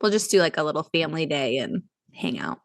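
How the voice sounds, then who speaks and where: A woman's voice: low-pitched, very animated, fast, gravelly, dry recording, clean studio sound. A woman in her thirties co-hosting a podcast, chatting casually and laughing often. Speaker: podcast co-host. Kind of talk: casual chat.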